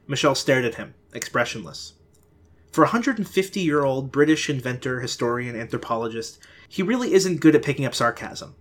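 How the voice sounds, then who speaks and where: A man who is a comedian and actor, reading a short story aloud with lively narration as a podcast guest. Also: mid-range voice, a little fast.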